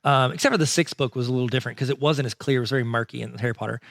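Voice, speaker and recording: A man's voice: medium pitch, very fast, creaky, a bit bright, dry recording, clean studio sound. A man co-hosting a podcast in casual chat, rambling and poking fun at himself, with lots of fillers and laughter. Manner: rambling and self-mocking, with frequent fillers and laughs. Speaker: podcast co-host.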